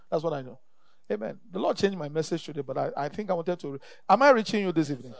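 A middle-aged man with a Nigerian accent preaches a sermon, pressing his points by repeating them and calling out for amen. His voice sits high and carries a gravelly edge. The sound is close and dry, with no room around it. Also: animated, fast talker, a little mellow, no echo. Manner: emphatic, repeats phrases, calls for amen. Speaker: pastor.

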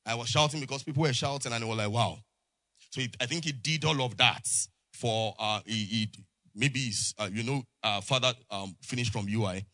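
A man's voice: lowish voice, normal speed, sharp tone, no room sound. A man preaching a sermon to his congregation, prompting them with call-and-response and frequent amens. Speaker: pastor. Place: church.

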